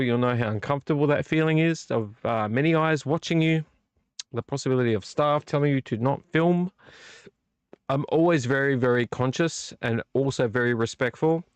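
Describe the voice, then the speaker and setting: A man's voice: mid-range voice, dry recording. A man hosting a casual live stream, chatty and rambling, a bit tipsy from beer. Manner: rambling, chatty, self-deprecating. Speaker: livestream host.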